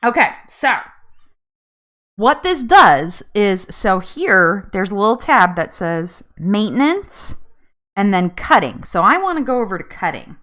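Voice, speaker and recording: A woman's voice: mid-range voice, very animated, a little slow, fairly bright tone. A woman in her thirties hosting a casual live chat, chatty, laughing often and tripping over words. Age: 30s. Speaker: host.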